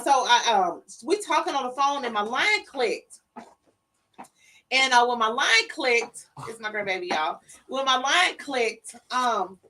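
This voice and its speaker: Her voice sits high as this middle-aged interview guest, seated in a studio, animatedly relives an emotional story and voices the people in it. The mic is distant and the recording quality is low.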